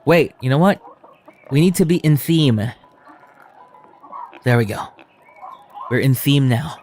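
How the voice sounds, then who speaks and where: A man streaming a game, talking in a casual, excitable, joking manner. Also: medium pitch, slow pace, soft background music.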